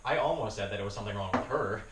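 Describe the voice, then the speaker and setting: A man's voice: fairly low pitch, rapid-fire. Laughing, swearing young man telling a story. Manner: profane, laughing, animated storytelling. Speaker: podcast host. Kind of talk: casual storytelling chat. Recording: roomy, distant mic with faint noise.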